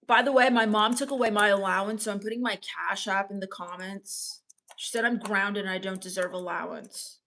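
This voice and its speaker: A woman with a mid-range, gravelly voice plays a sullen, bitter teenage goth girl in live-stream character comedy, speaking at normal speed. Sulky, mopey and deadpan, she reads the chat with scorn.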